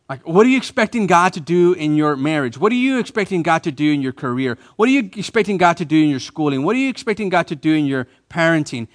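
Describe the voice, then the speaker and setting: A man preaching a sermon as a pastor in a church, emphatic, repeating key phrases and rising to louder bursts. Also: fairly high pitch, lively intonation, fairly quick.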